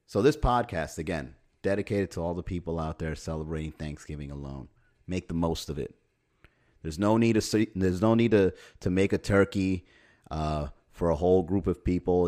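Low-pitched and a little mellow, this man hosts a podcast, riffing through a wry, sarcastic comic monologue. He cracks himself up and curses casually along the way.

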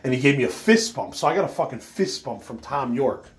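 A stoned man rambles through a story in a middle-pitched voice, loose and swearing, stacking filler words and losing his thread. He laughs at himself and apologizes as he goes, in a casual, unscripted vlog way. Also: animated, brisk. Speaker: autograph collector telling a story.

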